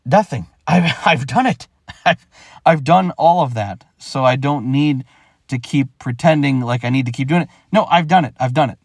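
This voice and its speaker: A young rapper talks straight to the camera in a casual vlog explaining his retirement, his voice sitting in the ordinary middle range for a man. He's animated and emphatic, circles back to repeat his points, and acts out quick imagined thoughts. The sound is close and dry, with no room around it.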